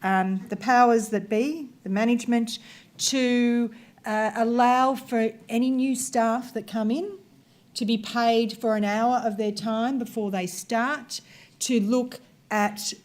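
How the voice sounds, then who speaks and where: At a workshop, this woman presents her research conversationally, talking listeners through clips one by one. Her voice is slightly high, steady, and slow.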